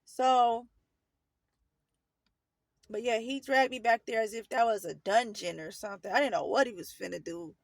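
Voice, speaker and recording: A woman's voice: fairly high pitch, moderate pace, creaky, pauses often, no echo. A woman casually recounting a painful personal story, rambling and correcting herself as she goes. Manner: rambling, self-correcting, earnest retelling. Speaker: storyteller vlogger.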